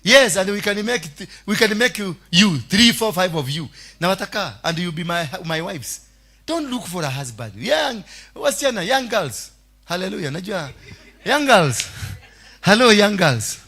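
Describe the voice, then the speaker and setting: A Kenyan man preaching a sermon as pastor, shouting and laughing with the congregation. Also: high-pitched, big pitch swings, normal speed.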